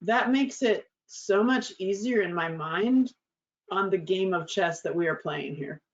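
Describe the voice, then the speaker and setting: A woman's voice: mid-range voice, expressive, measured pace. A middle-aged woman hosts her own show and tells a story in a loose, candid monologue. She swears freely, laughs often and acts out what people said. The recording sounds a bit dull and lo-fi. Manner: frank and profane, laughing often, acting out quotes. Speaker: show host.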